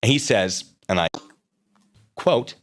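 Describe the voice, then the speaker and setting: A man's voice: on the low side, expressive, slow. A man hosting a live stream, commenting casually and sarcastically while reading chat messages aloud.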